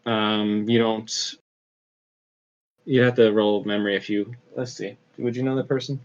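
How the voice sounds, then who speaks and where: A man narrating as game master of a tabletop game, unhurried and hesitant, with many fillers. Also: lowish voice, steady tone. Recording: slightly dull lo-fi audio.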